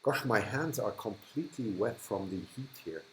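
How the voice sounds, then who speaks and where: A man's voice: on the low side, lively intonation, normal speed, a little hiss or hum, rough recording. A man hosting a live stream from a hot, humid indoor room, chatting casually as he reads and thanks viewers, often restarting sentences and chuckling. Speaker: livestream host.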